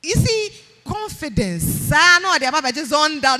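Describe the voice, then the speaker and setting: Lively Ghanaian woman hyping a crowd. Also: high-pitched, a little slow. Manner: energetic, coaxing, repetitive calls to come up. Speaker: event host. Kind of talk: hyping up a live audience. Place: live event hall with music playing. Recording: faint background music.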